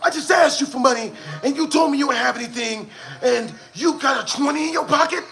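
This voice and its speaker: A man's voice: extremely high pitch, fairly quick, creaky, soft background music, voice pushed up, full character voice. A man voicing a pushy adult man who keeps begging for cash and pleads insistently. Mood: outraged. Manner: pleading, then yelling angrily.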